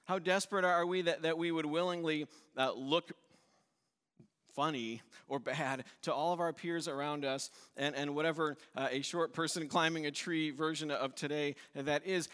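Pastor, man, slightly high voice, casual sermon delivery that acts out its quotes, church hall reverb. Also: moderate pace, a bit bright, smooth. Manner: conversational, acts out quotes with shifts in pitch and volume.

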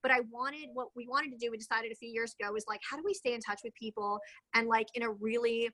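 A woman's voice: a little high, steady tone, quick pace, pushed and bright, rough recording. A woman in her thirties, a real estate agent guest, talking casually in an interview, chatty and rambling with many fillers.

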